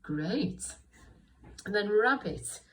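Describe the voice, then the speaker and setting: A woman teaching a reading lesson to young children, speaking slowly and clearly and asking them encouraging questions. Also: medium pitch, animated, a bit bright, low-quality recording. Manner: slow, clear and encouraging, with many questions to the listener. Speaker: primary school teacher.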